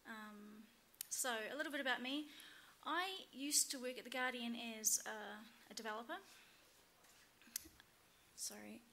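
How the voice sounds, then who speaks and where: A woman in her thirties with a New Zealand accent, giving a conference workshop talk and pausing often with "um". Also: on the high side, steady tone, creaky, sharp tone, a little hiss or hum. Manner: hesitant, many ums. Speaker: workshop instructor. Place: conference room.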